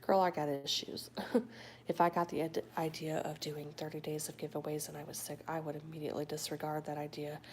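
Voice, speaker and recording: A woman hosting a late-night livestream, reading viewer comments in a soft, often whispered, affectionate way; she sounds sleepy. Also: low voice, little pitch movement, brisk, slight background noise. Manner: warm, affectionate toward viewers. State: sleepy but awake. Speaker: livestream host.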